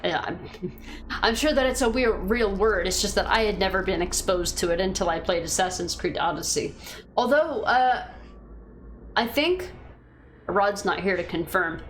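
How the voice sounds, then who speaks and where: A woman's voice: mid-range voice, slight background noise. Chatty woman streamer thinking aloud. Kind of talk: casual chat reading viewer comments.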